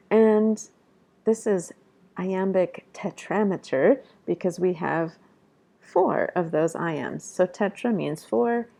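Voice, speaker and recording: A woman professor explaining poetry in a relaxed lecture, with fillers and restarts as she thinks aloud. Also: lowish voice, gravelly. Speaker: college professor. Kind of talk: literature lecture.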